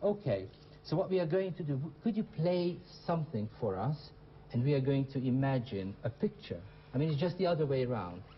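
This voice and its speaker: A man's voice: medium pitch, big pitch swings, fairly quick, few pauses, dull audio, a little hiss or hum. A man hosting a televised English lesson who questions his students and repeats their answers back to them. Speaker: English teacher and show host. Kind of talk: classroom teaching. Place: TV studio classroom.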